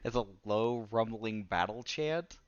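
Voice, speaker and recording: A man making quick, offhand remarks as a player in a tabletop game. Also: lowish voice, smooth, muffled recording. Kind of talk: casual chat.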